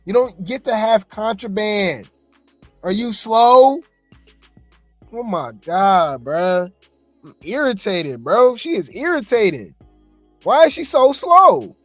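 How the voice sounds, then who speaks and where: Gossip host reacting to a clip, fed up and sarcastic, lively swooping pitch, dry sound. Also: slow pace, pauses often, dry recording, faint music behind. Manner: exasperated, sarcastic. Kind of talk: reaction commentary.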